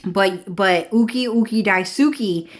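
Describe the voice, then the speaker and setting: A woman's voice: mid-range voice, takes it slowly. A woman in a rambling casual monologue to viewers. She swears freely and often checks in with "okay?".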